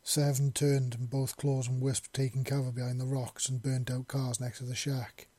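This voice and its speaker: Brief: male storyteller, dark husky voice, dry close sound. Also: mid-range voice, normal speed, no room sound. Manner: plain steady reading with small slips. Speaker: narrator. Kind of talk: reading fan fiction aloud.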